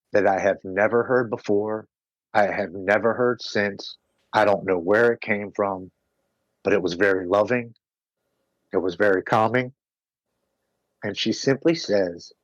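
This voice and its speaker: A man telling his personal recovery story as a podcast guest, earnest and slowing down on heavy moments. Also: lowish voice, no room sound, dull audio.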